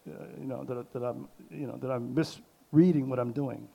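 An older man speaking on a panel, halting and full of restarts and fillers as he works through his thoughts. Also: medium pitch, fairly even intonation, creaky, mellow, slightly rough. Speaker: artist on a panel. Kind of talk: hesitant panel talk.

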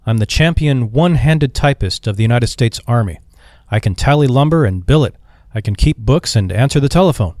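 A man's voice: mid-range voice, expressive, brisk, hardly any pauses, darkish tone, dry recording, studio quality, natural voice. A man reading aloud and voicing a cheerful, earnest young army veteran looking for work. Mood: eager.

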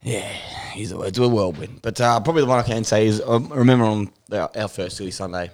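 A man's voice: on the low side, fast, a little mellow. A young Australian man chatting casually on a podcast, crude and boisterous, laughing often as he tells stories with his mates. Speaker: podcast co-host. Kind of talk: casual chat.

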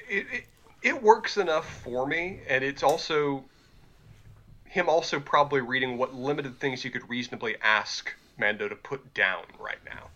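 A man co-hosting a casual podcast, talking in a thoughtful, measured and hedging way. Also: mid-range voice, sharp tone, dull audio. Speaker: podcast co-host. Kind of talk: casual chat.

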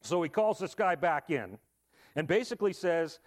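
A man's voice: fairly high pitch, big pitch swings, normal speed. A man preaching a sermon in a casual, conversational way, with asides and rhetorical questions. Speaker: pastor.

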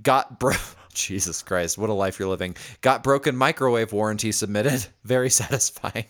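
A man's voice: fairly low pitch, normal speed, fairly bright tone. A man co-hosting a podcast, reading diary notes aloud and teasing, often laughing. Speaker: podcast co-host.

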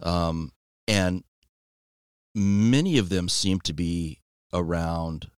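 A man with a low voice in casual chat, telling stories in a dry, self-deprecating way. He restarts sentences often. The sound is close and dry, with no room around it. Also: drawn-out words, clear, resonant tone, no room sound.

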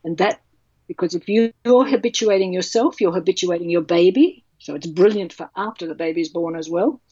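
A woman's voice: on the low side, brisk, mellow, husky, dry recording, lo-fi sound. Passionate, outspoken woman. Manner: passionate, emphatic, blunt. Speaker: childbirth educator. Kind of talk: podcast interview.

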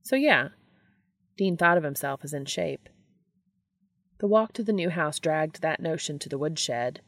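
A woman reading fan fiction aloud as an audiobook narrator, with a steady, even delivery. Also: fairly low pitch, no room sound, studio quality. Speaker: podfic reader.

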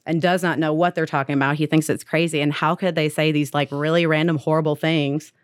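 Low-voiced young woman telling a story. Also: level tone, brisk, clean tone, no room sound, studio quality. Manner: retells a story with lots of "like" and acted quotes. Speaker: podcast storyteller. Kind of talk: casual storytelling chat.

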